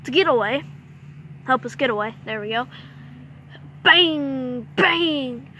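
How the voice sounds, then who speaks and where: Woman, comic storytelling, high voice, bright tone, playful, mouth sound effects. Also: a little fast, a little hiss or hum. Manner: animated, jokey, makes mouth sound effects.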